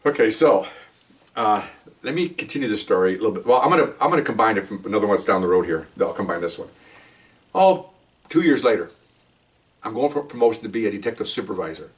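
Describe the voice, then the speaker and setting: Fast-talking older man spinning a yarn. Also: lowish voice, far from the mic. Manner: animated, checks in with "okay?", many restarts. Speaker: retired police officer telling stories. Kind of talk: casual anecdotal storytelling.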